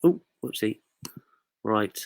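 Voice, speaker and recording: A man's voice: slow, no echo. A man from the UK hosting a casual live quiz, jokey and chatty as he reads out viewers' comments. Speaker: quiz host.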